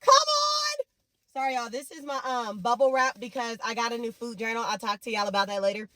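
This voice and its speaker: A woman vlogging casually to camera about her week, her voice hoarse and nearly gone, with expressive bursts of excitement. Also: on the high side, quick pace, dry recording. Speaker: fitness and faith vlogger. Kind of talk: casual vlog chat to camera.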